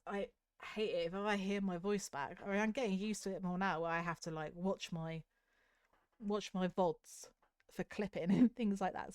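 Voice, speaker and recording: A young woman from the south of the UK with a Southern English accent, chatting openly with her stream viewers in a soft, candid, self-critical way with hesitant restarts. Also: fairly low pitch, clear, resonant tone, no echo, clean studio sound. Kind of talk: casual chat with stream viewers.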